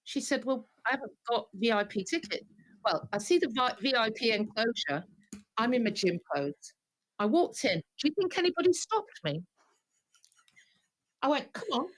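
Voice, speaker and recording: Woman guest, storyteller, lively pitch, dry close sound. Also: moderate pace, long pauses, dry recording. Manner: lively, animated anecdotes with acted-out quotes. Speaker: guest singer. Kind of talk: storytelling interview.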